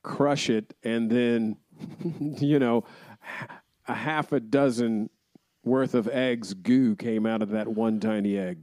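A man's voice: medium pitch, steady tone, slow pace, darkish tone, dry recording. Dry, teasing man on a podcast. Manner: dry, teasing, laid-back. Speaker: podcast co-host. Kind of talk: casual movie podcast chat.

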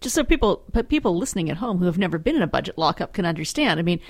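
A woman with a Canadian accent, a journalist guest on a podcast, telling lively stories with animated asides. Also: lowish voice, rapid-fire, no room sound. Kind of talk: casual podcast chat.

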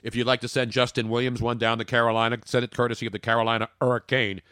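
A man co-hosting a sports talk show, ranting and joking in casual banter with big swings in his pitch. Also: level tone, racing, bright, forceful tone, clean tone, no room sound, studio quality. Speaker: podcast co-host.

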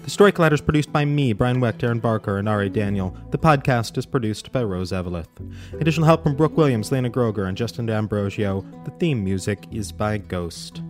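A man hosting a podcast, reading a brisk, upbeat outro with credits. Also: fairly low pitch. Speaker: podcast host. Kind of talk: scripted outro read. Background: light guitar music.

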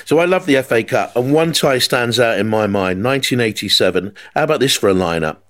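A man hosting a football podcast, telling animated anecdotes and mimicking the people in them. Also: mid-range voice, brisk. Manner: animated anecdote-teller, mimics voices in his stories. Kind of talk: storytelling chat.

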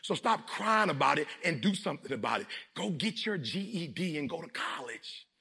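A man from Detroit giving a motivational speech to a live audience, gravelly and emphatic, often shouting. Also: fairly high pitch, sing-song, normal speed. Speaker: motivational speaker.

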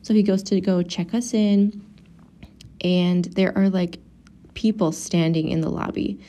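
A woman's voice: on the low side, fairly even intonation, a little slow, mellow. A young woman and mother telling a travel story to her viewers in a casual, chatty way, with lots of "like" and acted-out quotes.

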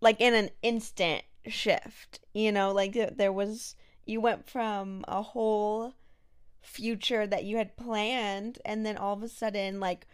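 A woman hosting a podcast answers her guest in a casual, empathetic way. She sums up what she heard at a mid pitch, filling gaps with "like" and "you know.". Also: fairly even intonation, slow, smooth. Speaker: podcast host. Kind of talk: casual conversation.

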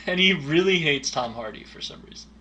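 A man gives a casual movie review with a dry, teasing edge and blunt verdicts. His voice is bright and clear. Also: on the high side, expressive, moderate pace, slight background noise.

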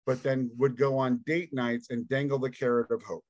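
A man guest on a podcast, telling a personal story in casual, animated talk and acting out what people said. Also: mid-range voice, moderate pace, few pauses, no room sound, muffled recording. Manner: animated, acts out quoted dialogue; casual, says "dude".

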